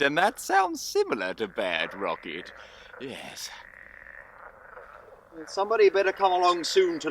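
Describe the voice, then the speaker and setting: An actor playing a boastful, self-important firework rocket in an audio drama, with a pompous, theatrical manner. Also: male voice, medium pitch, sharp tone, a little hiss or hum, full character voice, poor audio. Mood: self-satisfied.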